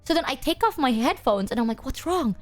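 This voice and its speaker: A woman streamer chatting casually with her chat, telling stories in an animated, foul-mouthed way full of fillers. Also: high-pitched, fast talker, faint music behind. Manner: animated, swears freely, filler-heavy.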